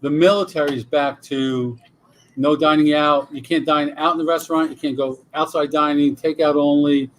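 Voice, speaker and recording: Speaking at normal speed in a slightly high voice, a cigar-lounge talk show co-host spins lively stories and keeps jumping between topics, with a little background noise audible.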